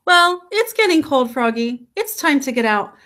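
A woman's voice: sits high, very animated, normal speed, bright, forceful tone, exaggerated voice. A woman voicing a patient, encouraging mother frog who coaxes her son along. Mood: gentle. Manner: coaxing, patient.

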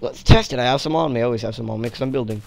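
A young man hosting a casual gaming video, rambling and joking, swinging from mumbles to shouts. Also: mid-range voice, very fast, vocal fry, slight background noise. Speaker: gaming channel host.

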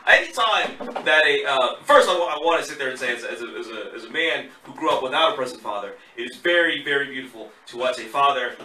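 A man doing a stand-up comedy set at an open mic, animated and riffing on the crowd. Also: medium pitch, quick pace, hardly any pauses. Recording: roomy club, far mic, loud crowd. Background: crowd laughter and noise.

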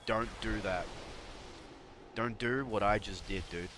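A man's voice: fairly low pitch, slow pace, noisy background. A young man streaming live, muttering and scolding himself as he talks to chat over gameplay.

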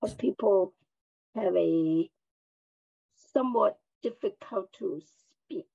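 A woman with an accent asking questions in a workshop, speaking slowly and carefully. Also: mid-range voice, creaky, warm tone, breathy edge, no room sound, lo-fi sound. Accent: non-native English. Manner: slow and careful. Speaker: workshop participant.

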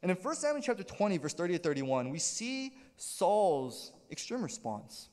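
A male pastor preaching with a high voice that swings widely in pitch, sounding lively and animated. He keeps checking in with the congregation as he goes. The sound carries a long hall reverb. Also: moderate pace. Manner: animated preaching with frequent "right?" check-ins. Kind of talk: sermon. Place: church sanctuary.

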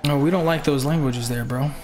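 A man's voice: on the high side, fairly quick, a little mellow, a little hiss or hum. A young man hosting a live game stream in casual chat, greeting viewers by name and firmly repeating himself.

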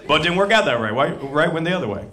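Lively, profane stand-up comic man. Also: a little high, rapid-fire, a faint crowd. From Cincinnati, United States. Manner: loose, profane, conversational delivery with frequent "you know what I'm saying". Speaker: stand-up comedian. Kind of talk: stand-up routine. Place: comedy club stage with a laughing audience. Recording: live club recording, loud audience laughter.

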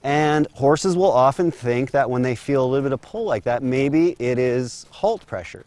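Calm and steady, a horse trainer explains his methods while working a horse in an outdoor round corral. His voice is mid-range, and he keeps a moderate pace.

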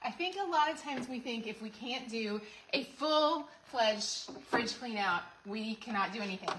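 A middle-aged woman with a drawl chats away on a kitchen livestream. Her voice sits a touch high, full of fillers and friendly asides to the people watching. A steady background noise runs under her talk. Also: moderate pace, low-quality recording. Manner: chatty, warm asides to viewers, many fillers. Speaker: home organizing vlogger. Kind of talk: casual livestream chat. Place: home kitchen.

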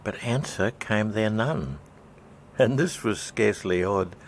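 A man narrating a poem in a measured, rhythmic storybook reading. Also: lowish voice, animated, a little hiss or hum.

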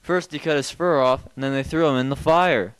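A man's voice: mid-range voice, brisk, clear, resonant tone, no room sound, pitched above the performer's own voice, close to an everyday voice, low-quality recording. A man voicing a chatty, conspiratorial male saber-toothed tiger in a comic routine. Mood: gossiping.

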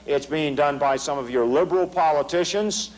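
Middle-aged American man, fairly high voice, emphatic stage lecturer with sarcastic, repetitive punch. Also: normal speed, a little mellow, poor audio. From United States. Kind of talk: political lecture to a large audience. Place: large hall before an audience.

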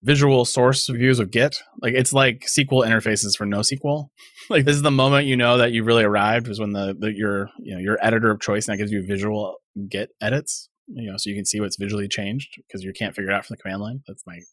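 A man's voice: on the low side, steady tone, fast, fairly bright tone, dry recording, studio quality. A man co-hosting a casual tech podcast, sarcastic and rambling as he thinks aloud. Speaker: podcast co-host.

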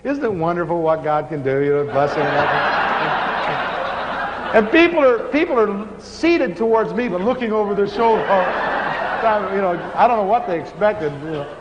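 High-voiced man preaching in a hall. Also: normal speed. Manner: animated, laughing storyteller. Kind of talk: sermon storytelling. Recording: muffled hall recording with faint hiss.

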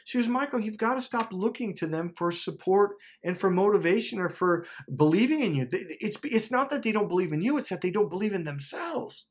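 A man's voice: high-pitched, lively intonation, a little fast, few pauses. Intense, cursing man giving life advice. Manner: intense, profane, emphatic. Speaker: motivational speaker. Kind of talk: casual motivational monologue.

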